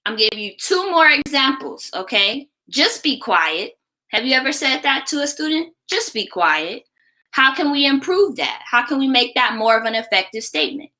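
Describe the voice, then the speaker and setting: Bright-voiced woman teacher explaining. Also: high-pitched, expressive, a little fast, hardly any pauses, poor audio. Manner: explanatory, often checks in with a tag question "right?". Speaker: teacher and education creator. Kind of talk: instructional classroom-management video.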